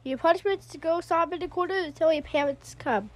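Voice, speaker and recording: A woman voicing a stern female babysitter who hands out punishments in a bossy, rushed way. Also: extremely high pitch.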